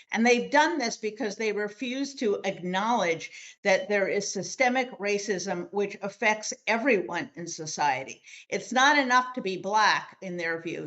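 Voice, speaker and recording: A woman lawyer speaking as a guest on a political roundtable, making opinionated points in a measured way with frequent filler pauses. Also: mid-range voice, a bit bright, highs cut off.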